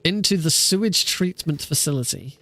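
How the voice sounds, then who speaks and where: A man's voice: on the high side, lively intonation, moderate pace, sharp tone. A man chatting casually on a live stream while practicing a speedrun, laughing often and swearing offhandedly.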